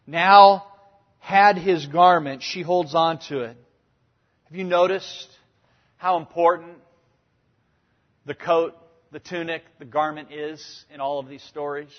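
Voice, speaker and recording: A man preaching a sermon, swinging from hushed, quiet passages to loud, emphatic ones. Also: fairly high pitch, in a large hall, highs cut off. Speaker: pastor.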